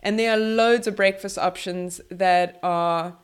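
A woman's voice: medium pitch, steady tone, unhurried, clean tone. A woman hosting a casual podcast chat, enthusiastic and prone to repeating words and restarting. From South Africa. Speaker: podcast host.

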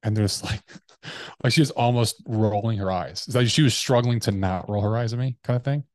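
A fairly low-voiced man tells a candid personal story as a podcast guest. His delivery is earnest and halting, full of restarts and fillers. The sound is dry and close, with no room echo.

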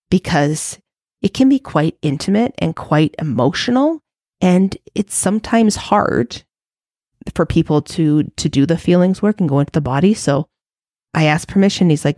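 Low, gravelly-voiced woman podcast host. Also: darkish tone, no room sound, studio quality. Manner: candid, reflective, self-searching. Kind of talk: personal storytelling monologue.

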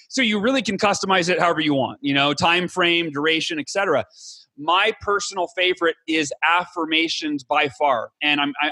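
A man talking as a podcast guest, enthusiastic and animated, slipping into mock voices as he explains. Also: a little high, dry recording. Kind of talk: energetic interview talk.

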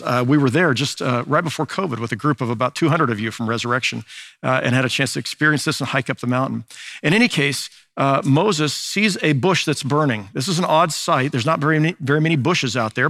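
A man's voice: on the high side, fairly bright tone, no echo, studio quality. A man preaching a sermon as a pastor, in a conversational teaching manner with frequent fillers and restarts.

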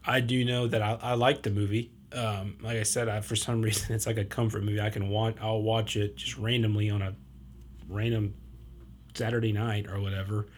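A man's voice: lowish voice, flat delivery, moderate pace, slight background noise. A man hosting a podcast, loosely retelling a film's plot in a casual way, full of fillers and acted-out quotes. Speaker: podcast host. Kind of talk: casual movie recap.

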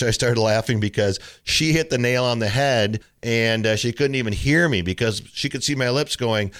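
A middle-aged man hosts a solo tennis coaching podcast, telling relaxed stories and mimicking the people he quotes. His fairly low voice is brisk, with hardly any pauses.

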